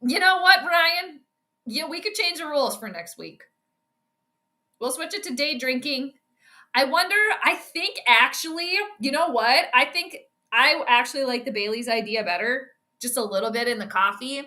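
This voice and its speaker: A young woman who streams sports with an astrology angle gives casual live commentary on a football game in a high-pitched, animated voice at normal speed. She chats with her viewers and reacts loudly to each play.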